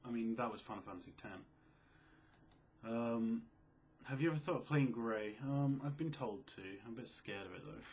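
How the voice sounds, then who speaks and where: Quiet, mellow young man. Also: moderate pace. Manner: quiet, low-key, self-described mellow and sleepy. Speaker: video creator answering viewer questions. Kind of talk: casual Q&A chat.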